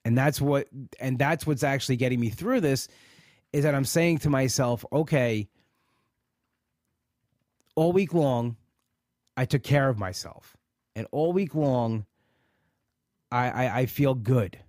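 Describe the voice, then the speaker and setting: A frustrated man hosting a live podcast vents in a rambling, halting way, starting over and repeating himself. His voice sits in a middle pitch. It is recorded dry, with no room echo. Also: darkish tone. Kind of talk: emotional live talk.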